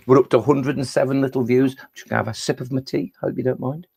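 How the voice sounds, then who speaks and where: A man with a Midlands accent performs playful rhyming poems for schoolchildren on a live stream. Between poems he chats in a relaxed, friendly way, greeting viewers. His voice sits at an ordinary middle pitch. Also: fast talker, vocal fry, few pauses, slightly rough. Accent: Midlands English. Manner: playful rhyming recitation and chatty asides to children. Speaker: children's poet.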